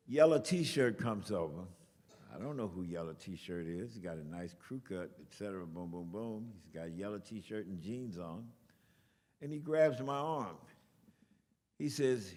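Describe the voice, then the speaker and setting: Older man telling a lively story in a hall. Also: lowish voice, a little slow. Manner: animated storyteller, swears and makes sound effects. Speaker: guest speaker. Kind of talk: storytelling talk to an audience. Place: lecture hall. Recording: long reverb in a large hall.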